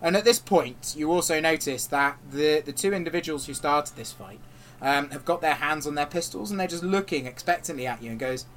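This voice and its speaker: A man's voice: on the high side, lively intonation, brisk, a bit bright. A man narrating as game master, rambling along with many fillers.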